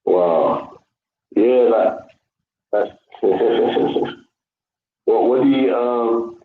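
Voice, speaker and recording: A man calling in to a live stream, chatting casually and hesitantly with plenty of fillers. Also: mid-range voice. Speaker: caller. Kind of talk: casual phone chat. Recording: echoey tinny phone line.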